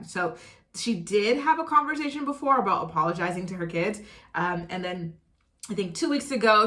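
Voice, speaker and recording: A woman's voice: mid-range voice, bright, forceful tone. A woman giving casual commentary to her viewers, chatty and talking to them directly. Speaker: YouTube commentator.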